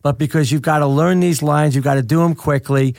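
A man's voice: fairly high pitch, steady tone, a little fast, gravelly, a little mellow, dry recording, clean studio sound. A man hosting an interview, chatty and self-deprecating. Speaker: host. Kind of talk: casual interview talk.

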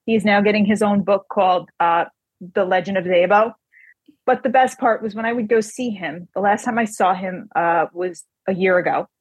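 A woman author telling an animated personal anecdote in casual chat, quoting the people in it. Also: mid-range voice, normal speed, breathy edge, no room sound.

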